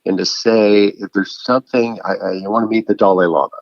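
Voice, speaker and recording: A man's voice: lowish voice, fairly even intonation, brisk, gravelly, no echo, muffled recording. A middle-aged man, a guest author, talking casually and acting out phone calls in a raised voice. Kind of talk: casual storytelling interview.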